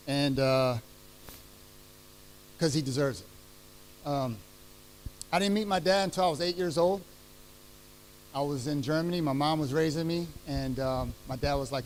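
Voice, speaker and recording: A middle-aged man giving his retirement ceremony speech, heartfelt and halting, with many fillers and restarts. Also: on the high side, slight background noise, rough recording. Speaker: retiring chief master sergeant giving a speech. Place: ceremony venue.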